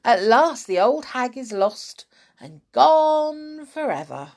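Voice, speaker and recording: A woman's voice: high-pitched, big pitch swings, takes it slowly, a little mellow, pitched above the performer's own voice, full character voice. A woman voicing a nasty, scheming old husband in a storybook reading, with a sly, mock-sweet gloating manner.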